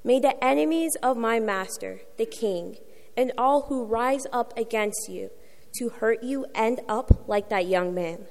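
A formal male messenger proclaims news to his king, read aloud by a woman. The voice is slightly high and gravelly, and it rings in a large reverberant hall. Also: measured pace, a little mellow. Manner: formal, declaring.

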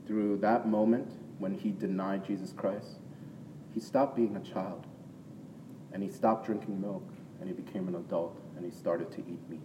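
A man's voice: fairly low pitch, muffled recording, background noise. A man preaching a sermon in a conversational way, often checking in with "right?" and rising into emphatic bursts. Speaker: pastor. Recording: long hall reverb, from far off, faint ambience.

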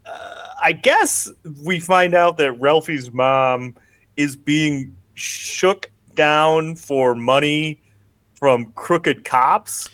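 A man's voice: on the high side, fairly bright tone, smooth, no room sound. A man hosting a podcast who recaps a film in casual, rambling chat full of "like". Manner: rambling, heavy on "like", quick bursts. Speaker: podcast host.

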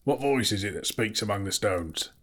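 A man's voice: fairly low pitch, lively intonation, normal speed, a bit bright. A man voicing an earnest, plain-spoken man who searches a battlefield for survivors. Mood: wary. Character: swift, sure-footed man searching a battlefield.

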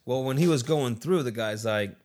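A man with a voice of ordinary middle pitch tells a long story in a loose, rambling way. He swears freely and slips into the voices of his friends when he quotes them. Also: normal speed, darkish tone. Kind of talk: casual profane anecdote.

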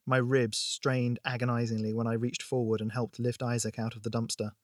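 Man, audiobook narrator, expressive, mid pitch, dry close recording. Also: brisk, no room sound. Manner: expressive, steady storytelling.

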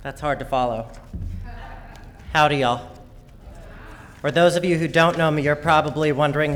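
A man's voice: a little high, fairly even intonation, moderate pace, pauses often, fairly bright tone. A man stepping up in church to speak, opening with self-deprecating jokes.

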